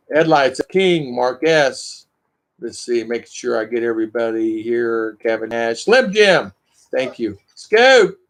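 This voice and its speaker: An older man, hosting a casual livestream chat and thanking viewers by name. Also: medium pitch. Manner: chatty, rambling, lots of thank-yous and fillers. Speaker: livestream host.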